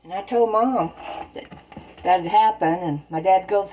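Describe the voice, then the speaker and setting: This home baker's casual storytelling is folksy and full of plain country turns of phrase, told in her own kitchen. Her medium-pitched voice has a darkish tone at normal speed, and the audio is dull with slight background noise.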